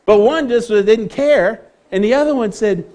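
A man's voice: sits high, normal speed, a little mellow. A man preaching a sermon in an earnest way, often repeating words as he restarts.

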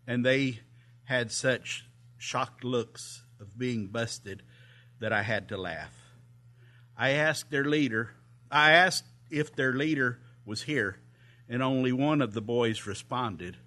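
A man with a medium-pitched, fairly bright voice preaches to a congregation. In his sermon he reads a volunteer's camp story, hesitating often, filling gaps with lots of "uh" and chuckling.

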